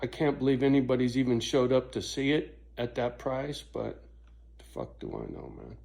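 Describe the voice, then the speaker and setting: Middle-aged vlogger, loose and profane, rambles through an anecdote with a plain everyday voice. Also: male voice, medium pitch, very animated, normal speed, vocal fry, a little mellow. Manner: rambling, profane, frequent "right?" asides. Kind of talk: casual storytelling to camera.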